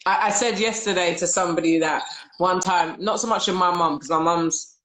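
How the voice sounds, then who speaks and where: A woman's voice: on the low side, fairly quick, fairly bright tone. A woman hosting a live discussion, telling reflective stories and reading viewer comments aloud over a video call. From United Kingdom. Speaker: host. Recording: roomy echo.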